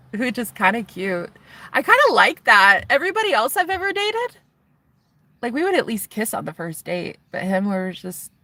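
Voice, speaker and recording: Bright-voiced chatty woman vlogger. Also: mid-range voice. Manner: rambling, chatty, full of fillers and giggles. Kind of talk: casual confessional vlog talk.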